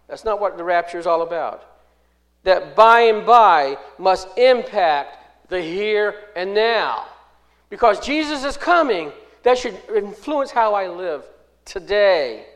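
A man preaching a sermon, reading scripture aloud and explaining it, with big swings in loudness and slowing down on key phrases. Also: high voice.

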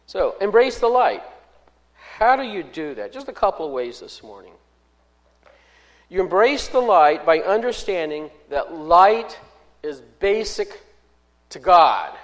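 A pastor in the pulpit, a man whose voice sits notably high for a man. He speaks slowly and deliberately, hammering home key words by repeating them. In prayer he drops to a hushed, quieter tone. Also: very animated, rough recording. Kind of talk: expository sermon.

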